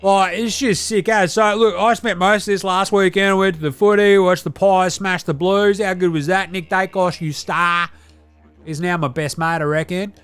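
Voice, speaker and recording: A man's voice: high voice, steady tone, moderate pace, a bit bright, clean tone, soft background music, pitched above the performer's own voice. A man voicing a crude, boisterous dad with an Australian accent who swears freely and talks in heavy slang. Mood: rowdy. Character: crude, rowdy Aussie bloke dad.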